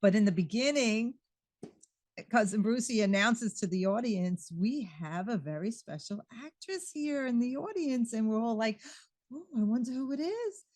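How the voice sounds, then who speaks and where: A woman's voice: a little high, lively intonation, moderate pace, a little mellow, no echo. A woman hosting an interview, eager and affirming, sharing how she met her guest as an admiring fan. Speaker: host. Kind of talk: casual interview chat.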